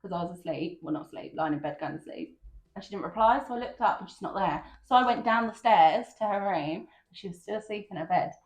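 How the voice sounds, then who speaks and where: A young woman in a casual chat as podcast co-host, teasing and lively. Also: medium pitch, quick pace. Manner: lively, teasing, bursts into animated outbursts. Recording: echoey room.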